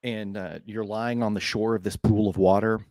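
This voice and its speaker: A man narrating as game master of a tabletop game, laughing often and talking in an unhurried way with fillers. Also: lowish voice, steady tone, a little mellow, no room sound, studio quality.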